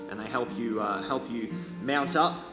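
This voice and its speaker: A man's voice: mid-range voice, normal speed, music in the background. A man narrating as game master of a live tabletop game, rambling and correcting himself with many fillers. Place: hall. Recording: echoey hall with background noise.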